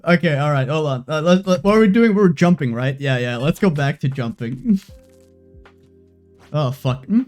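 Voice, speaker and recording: Excitable, foul-mouthed game streamer. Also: mid-range voice, moderate pace, long pauses. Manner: profane, excitable, swings between giddy and exasperated. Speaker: live streamer. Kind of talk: live gaming stream commentary. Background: faint background music.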